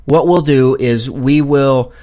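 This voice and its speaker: Slow-talking male radio host. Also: medium pitch, warm tone. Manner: rambling, jokey, with fillers and asides. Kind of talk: casual radio talk.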